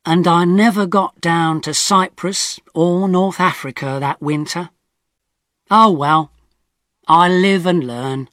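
A man narrating a first-person story for language learners in a clear, expressive way. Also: high-pitched, slow, no room sound, studio quality. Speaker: audiobook narrator.

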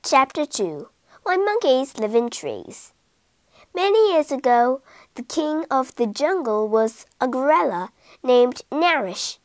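A woman reads a children's story in a high, lively voice that rises and falls a great deal. She takes her time over each line, and the close, dry sound leaves no trace of the room. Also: no echo. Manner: slow, expressive reading. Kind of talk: scripted children's story narration.

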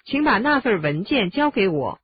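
Husky woman reading lesson prompts. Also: a little high, very animated, normal speed, no echo. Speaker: lesson narrator giving Chinese prompts. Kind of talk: scripted lesson narration. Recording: dull, dry lo-fi studio recording.

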